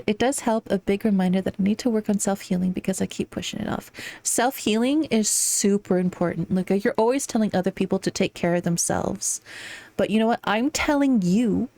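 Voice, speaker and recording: A woman's voice: mid-range voice, darkish tone, no echo. A young woman streaming live, chatting casually and affectionately with viewers, giggling and slipping into playful baby talk between tarot readings.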